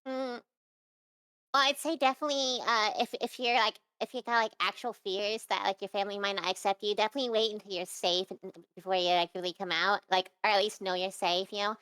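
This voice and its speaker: Young woman vtuber rambling on a stream interview, smooth clean voice, dry close sound, lots of likes and restarts. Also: mid-range voice, steady tone, fairly quick, fairly bright tone, no room sound. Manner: rambling, many fillers and restarts. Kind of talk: casual interview chat.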